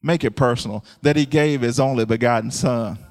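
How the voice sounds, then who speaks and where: A man preaching a sermon in a call-and-response style, laughing often and calling out hallelujahs as his voice climbs higher and louder. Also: fairly quick.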